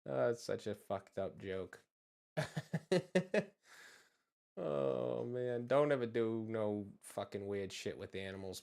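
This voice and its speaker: A man's voice: on the low side, vocal fry, clear, resonant tone. A man from just south of Boston with a Boston accent, chatting in a rambling, profane, laid-back way while he draws. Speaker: channel host. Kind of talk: casual chat while drawing.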